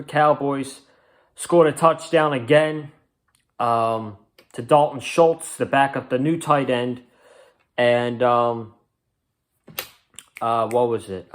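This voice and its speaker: Excitable man recapping a football game. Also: fairly high pitch. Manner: excitable, rambling with fillers. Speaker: sports reaction host. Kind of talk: casual sports recap. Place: home, on a couch.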